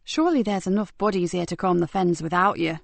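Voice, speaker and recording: A woman's voice: on the low side, brisk, gravelly, dry recording. A woman voicing a fierce, driven female police inspector in an audiobook, talking sharply and bluntly. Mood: sharp, brisk. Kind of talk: audiobook character voice.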